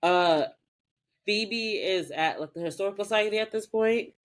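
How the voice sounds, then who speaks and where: A woman co-hosting a podcast, chatting casually as she recaps a TV episode and acts out the characters' lines in quick voices. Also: mid-range voice. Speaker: podcast co-host.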